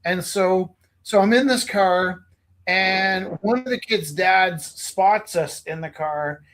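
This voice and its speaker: Man, from Canada, high voice, casual storytelling, animated, loud acted-out quotes. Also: takes it slowly, slight background noise. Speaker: host.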